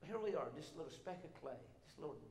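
A man preaching a sermon as pastor, swinging between emphatic shouting and hushed intimate tones, full of repeated rhetorical questions. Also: fairly high pitch, expressive, very fast, a little hiss or hum. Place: church sanctuary. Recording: echoey hall with long reverb.

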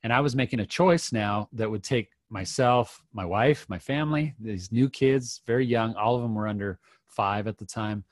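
A man's voice: fairly low pitch, normal speed, dry recording, clean studio sound. A middle-aged man, a podcast guest, telling a personal story in an earnest, reflective way with many restarts.

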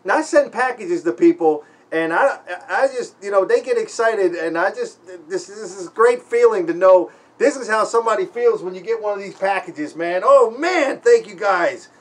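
Excited man with a high voice. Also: normal speed, hardly any pauses. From Baltimore, Maryland. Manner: excited, grateful, repeats "man" and "guys"; breaks into a heartfelt spoken prayer. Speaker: vlogger opening a gift package. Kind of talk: casual unboxing vlog.

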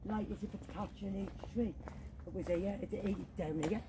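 A woman ghost hunting outdoors in a cemetery at night, talking into a handheld camera in an excitable, frightened way and swearing often. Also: mid-range voice, normal speed, noisy background. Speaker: paranormal vlogger. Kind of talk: live ghost-hunting commentary.

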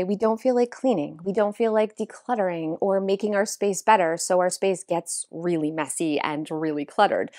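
A woman's voice: mid-range voice, a little mellow, no room sound, clean studio sound. Chatty woman vlogging from her closet. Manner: chatty and self-mocking, talks to herself while sorting. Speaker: home organizing vlogger. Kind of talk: casual talking-to-camera vlog. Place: walk-in closet at home.

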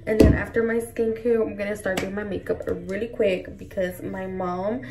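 A young mother talks to her camera in a casual vlog, gushing and emotional as she goes. Her voice carries a gravelly fry. She sits a little back from the microphone. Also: medium pitch, steady tone, normal speed, recorded from a distance, heavy background noise. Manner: emotional, gushing, says "y'all" and "like" often. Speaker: mom vlogger.

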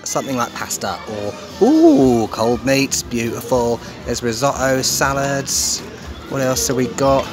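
Filming on a handheld phone while travelling, a man narrates a casual, upbeat vlog full of ums and laughs as he moves outdoors and into a restaurant. His medium-pitched voice is flat and unhurried, with music in the background.

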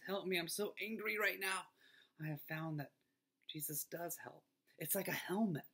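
A middle-aged school pastor with a voice that sits high gives a children's devotional talk. He speaks gently and earnestly, often dropping to a soft near-whisper.

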